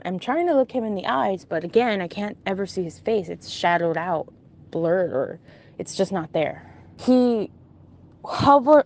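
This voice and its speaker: A woman casually recounting a strange dream, pausing often and restarting as she searches for words. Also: medium pitch, darkish tone. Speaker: storyteller.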